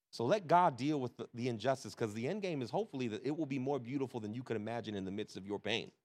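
A middle-aged man delivers a sermon with an easygoing, conversational feel. He slips into everyday slang and tells stories from home. His voice sits at an ordinary middle pitch. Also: a little mellow. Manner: casual, conversational preaching with slang and laughter. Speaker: pastor. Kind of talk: sermon with storytelling.

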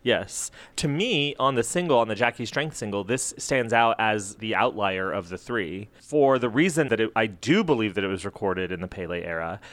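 A man co-hosting a music podcast, chatting in an animated, playful way. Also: fairly low pitch, normal speed, few pauses, dry recording. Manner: animated, playful, sings bits in a mock diva voice. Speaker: podcast co-host. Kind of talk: casual chat about music.

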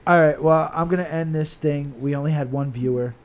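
A man's voice: on the high side, steady tone, a little fast, darkish tone. A man co-hosting a casual podcast, mostly agreeing with short, laid-back replies. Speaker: podcast co-host.

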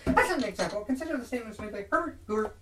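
A woman reading a logic text aloud in deliberate, drawn-out phrases during an improvised performance. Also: on the high side, expressive, a little hiss or hum. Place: performance space. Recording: roomy live recording from far off. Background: loud improvised guitar music.

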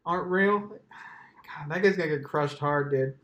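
A man hosting a loose, profane podcast chat, rambling through his stories with constant filler words. His voice sits a little higher than most men's. The room around him is echoey. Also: measured pace, a bit bright, dull audio. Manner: profane, joking, rambling with many "like"s. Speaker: podcast host.

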